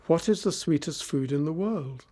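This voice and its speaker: A man's voice: on the high side, a little slow, darkish tone, close to an everyday voice. A man reading the part of a clever, firm young bride in a storybook. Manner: firm, questioning.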